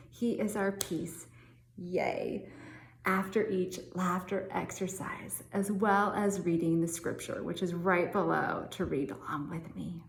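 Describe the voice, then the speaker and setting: A woman leading a laughter yoga session, reading scripture softly and calmly, then breaking into bursts of laughter and chanted ha-ha sounds as she guides the group. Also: fairly low pitch, creaky, roomy sound. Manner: soft slow calm reading voice for scripture.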